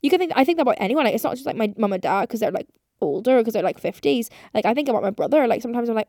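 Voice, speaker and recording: A woman's voice: on the high side, animated, very fast, darkish tone, no echo, studio quality. A woman in her twenties hosting a casual solo podcast, rambling and chatty, swearing often and saying "like" constantly. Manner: rambling, chatty, swears a lot, heavy use of like. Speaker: podcast host.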